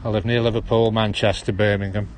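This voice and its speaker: A man's voice: fairly low pitch, level tone, quick pace, a little hiss or hum. Chatty Stoke-on-Trent man in a park. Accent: Stoke-on-Trent (Potteries). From Stoke-on-Trent, England. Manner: rambling, chatty, drops H's. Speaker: livestream host. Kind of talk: casual walking livestream. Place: outdoor town park. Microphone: handheld phone.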